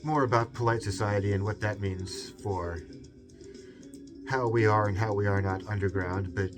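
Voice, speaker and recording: A man's voice: on the low side, steady tone, moderate pace, over music. A man with a Seattle accent hosting a video essay in a rambling, digressive monologue full of fillers, musing aloud. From US West Coast.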